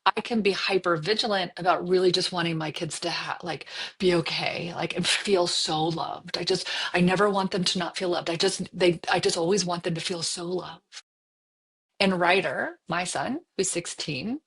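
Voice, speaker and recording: A woman in her fifties talks as a podcast co-host, her voice slightly husky and breathy. She tells stories animatedly in a casual, conversational way, slipping into her own inner voice as she goes. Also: fairly low pitch, steady tone, moderate pace, a bit bright. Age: 50s. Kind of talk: casual storytelling chat.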